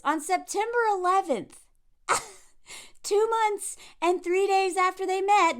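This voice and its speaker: A woman of around forty with a Southern US accent, giving animated, digressive commentary full of sarcastic asides. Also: high-pitched. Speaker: commentary vlogger. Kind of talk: ranting commentary.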